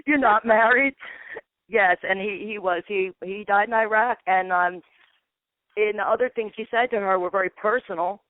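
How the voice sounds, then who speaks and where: On a tinny, dry phone line, a paranormal investigator tells a long story in a steady, medium-pitched voice at a moderate pace. She rambles and acts out the dialogue with "I'm like."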